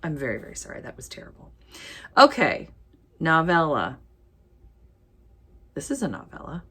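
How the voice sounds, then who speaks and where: A woman chatting casually as a book vlogger, reading ebook titles aloud with quick, animated asides. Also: deep voice, breathy edge. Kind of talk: casual chat while sorting ebooks.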